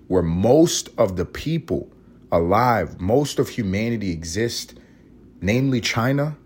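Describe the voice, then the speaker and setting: A man's voice: lowish voice, darkish tone, breathy edge. A young man hosting a solo podcast while sick with a cold, sniffly and congested, ranting in a sarcastic, profane, casual way. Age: young adult. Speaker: podcast host.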